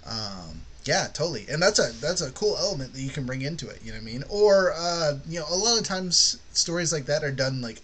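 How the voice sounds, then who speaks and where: Rambling man with a bright voice. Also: fairly high pitch, slight background noise. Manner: rambling, frequent "you know what I mean". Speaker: podcast host teaching worldbuilding. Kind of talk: casual podcast lesson.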